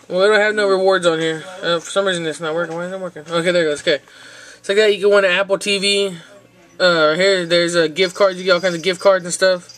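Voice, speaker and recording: A man's voice: sits high, fairly bright tone. A man talking casually in a rambling home vlog, repeating himself and saying "y'all" a lot. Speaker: vlogger. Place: outdoors in hot weather.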